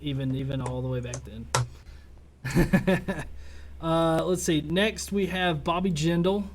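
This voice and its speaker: A man's voice: fairly high pitch, slow, noisy background. A man hosting a casual political podcast, talking loosely with lots of filler words. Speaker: podcast host.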